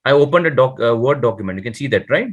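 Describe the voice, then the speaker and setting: A male tutor leads an online beginner lesson. He speaks patiently and stretches out example words slowly so they can be copied. His voice is lively in pitch, slightly husky, and comes through video call audio. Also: lo-fi sound. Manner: patient, explains slowly, models Dutch words very slowly. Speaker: Dutch language teacher. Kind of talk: online one-to-one language lesson.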